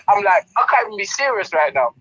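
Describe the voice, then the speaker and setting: Bright, laughing man. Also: high voice, a little fast, husky, dull audio. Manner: laughing, animated storytelling. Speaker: boxing trainer. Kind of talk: casual interview chat.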